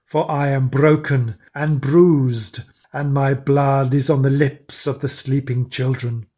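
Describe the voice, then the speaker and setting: A man's voice: mid-range voice, fairly even intonation, takes it slowly, warm tone, slightly rough. A man voicing an enchanted cake, broken and bruised, refusing the witches. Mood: plaintive.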